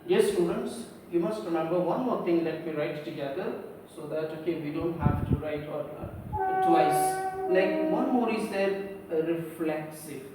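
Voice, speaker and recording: A woman's voice: lowish voice, sing-song, normal speed. A woman teacher gives a grammar lesson to a class. She keeps saying "okay", asks questions and answers them herself. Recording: very echoey room, distant mic, faint hum.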